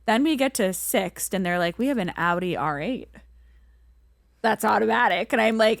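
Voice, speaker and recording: Animated young woman telling a story. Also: medium pitch, moderate pace, gravelly, no room sound. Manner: animated, acts out quoted voices, many "like"s. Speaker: podcast co-host. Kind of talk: casual storytelling chat.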